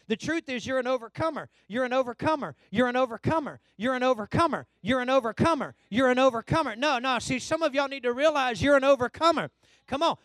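In a church hall, a man with a very high voice delivers a sermon, dipping into low asides before building to loud call-and-response shouts with his congregation. The recording is dry and close, with no echo.

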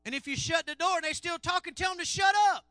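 Male pastor, high sharp preaching voice, call-and-response sermon, dry recording. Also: quick pace, no room sound. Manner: call-and-response preaching, swinging between loud shouts and low murmurs.

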